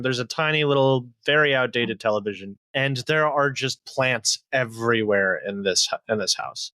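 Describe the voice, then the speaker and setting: A man's voice: medium pitch, bright, forceful tone, clean tone, no echo. A man running a tabletop game as game master, rambling and laughing easily as he narrates.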